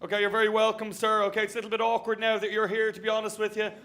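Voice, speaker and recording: Irish male comic, very high voice, punchy self-mocking stand-up. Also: monotone, racing, sharp tone. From Ireland. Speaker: stand-up comedian. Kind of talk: stand-up set. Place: comedy venue with live audience.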